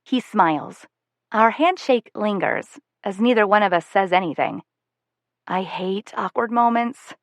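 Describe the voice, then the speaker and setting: A woman's voice: medium pitch, a little slow, dry recording. Casting: female audiobook narrator, first-person novel, wry and conversational, dry close sound. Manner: wry, self-aware, conversational.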